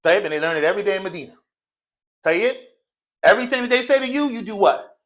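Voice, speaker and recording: A man's voice: high-pitched, expressive, fast talker, a bit bright. A man teaching an Arabic class in a mosque classroom, drilling students in call and response, joking and laughing often in slangy casual speech.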